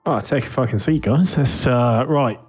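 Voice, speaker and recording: A man's voice: mid-range voice, normal speed, darkish tone, breathy edge, soft background music. A man playing his character at a tabletop role-playing game, casual and loose with frequent swearing. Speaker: player.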